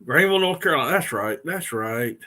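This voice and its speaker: A middle-aged man hosts a casual live stream, talking in a relaxed, rambling way with many fillers. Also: on the high side, a little fast. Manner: laid-back, rambling, with fillers and restarts.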